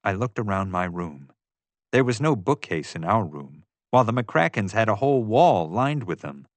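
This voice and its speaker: Male audiobook narrator, low pitch, measured first-person delivery, dry sound. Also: very animated, dry recording.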